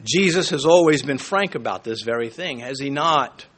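A man preaching a sermon to his congregation, emphatic and animated, with joking asides and quick swings between loud and soft. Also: medium pitch. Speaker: pastor.

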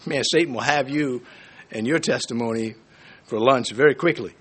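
A man preaching a sermon to his congregation, emphatic and animated, with joking asides and quick swings between loud and soft. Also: a little high. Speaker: pastor.

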